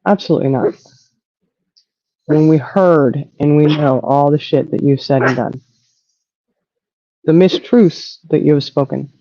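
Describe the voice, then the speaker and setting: A woman hosting a casual live-stream chat, sounding indignant and animated and cursing without a second thought. Her voice is dark and mellow. The recording is dry and a little dull. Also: sits low, a little slow, pauses often, no room sound. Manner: indignant, animated, swears freely. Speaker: host.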